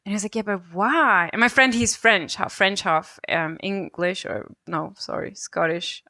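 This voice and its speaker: A woman's voice: medium pitch, moderate pace, dry recording, clean studio sound. A woman from Germany, a travel photographer, telling a story as a guest on a podcast. She talks casually, laughs often and acts out what others said. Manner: chatty, laughs often, quotes others in lively voices. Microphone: remote call-in.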